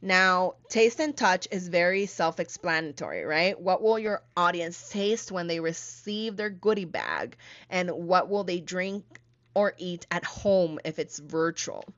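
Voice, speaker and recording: Woman host, bright voice, unhurried, slightly dull lo-fi recording, emphatic teaching monologue. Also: on the low side. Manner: animated and emphatic, with playful asides. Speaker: podcast host and event coach.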